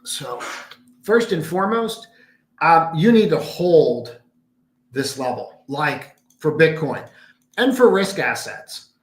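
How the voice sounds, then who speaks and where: A man's voice: on the high side, very animated, slow pace. A man hosting a casual trading livestream from home, talking in a rambling, emphatic way with mumbled asides. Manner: rambling, emphatic, mutters asides to his screen. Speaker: trading stream host. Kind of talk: casual market analysis livestream. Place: home room in a condo. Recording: roomy echo.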